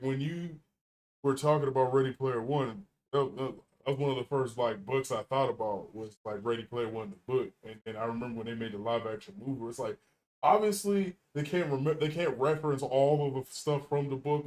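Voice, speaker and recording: A young man chatting casually on a podcast, rambling with enthusiasm about anime and books. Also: mid-range voice. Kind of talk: casual chat. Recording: roomy echo from the mic.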